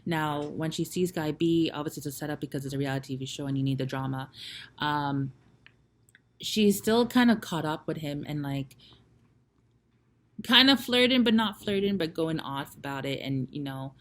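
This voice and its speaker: Casual young woman vlogger, low voice, chatty retelling with quoted asides. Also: moderate pace, darkish tone. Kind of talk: casual storytelling reflection.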